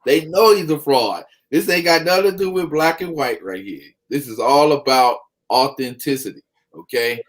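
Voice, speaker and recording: A man's voice: fairly high pitch, moderate pace. A man hosting sports talk radio, making his points emphatically and often adding "okay?".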